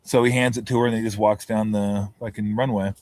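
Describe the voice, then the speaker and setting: A man's voice: on the low side, flat delivery, fairly quick, a little mellow. Laid-back, cussing man hosting a podcast. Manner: loose, profane storytelling, often laughing. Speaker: podcast host. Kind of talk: casual sports chat with friends. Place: vacation house with friends in Tahoe.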